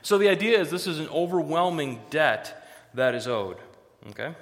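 A man's voice: fairly high pitch, very animated, normal speed, big-room sound. A man pastor giving a sermon in a conversational way, with joking asides between the serious points.

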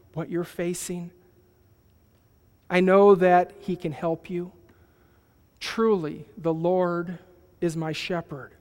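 A man preaching a sermon as pastor, swelling loud on key phrases and dropping soft. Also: sits high, big-room sound.

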